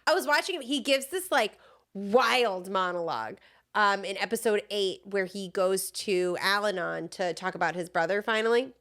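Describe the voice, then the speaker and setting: A woman's voice: mid-range voice, normal speed, a bit bright. A young woman co-hosting a podcast in casual chat, talking eagerly and filling her sentences with "like" and "um". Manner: chatty and enthusiastic, many fillers. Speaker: podcast co-host.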